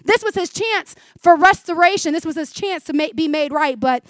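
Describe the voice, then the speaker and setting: A woman in her forties preaching a sermon in an animated way, acting out the voices from scripture and laughing often. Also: extremely high pitch, moderate pace, dry recording.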